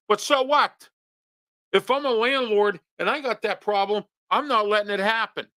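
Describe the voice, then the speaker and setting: A man's voice: high-pitched, normal speed, pushed and bright, no echo, studio quality. A man hosting a local talk show, scolding his listeners with rhetorical questions in an opinion commentary.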